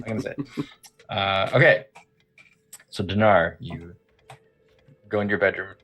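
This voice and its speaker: A man's voice: deep voice, steady tone, unhurried, pushed and bright, a little hiss or hum. A man running a tabletop game as game master, narrating in a laid-back way.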